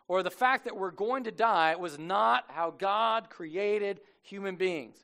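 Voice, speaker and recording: A man's voice: high voice, vocal fry, a bit bright. A man preaching a sermon in a casual, joking storytelling way, acting out the characters as he goes. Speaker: pastor.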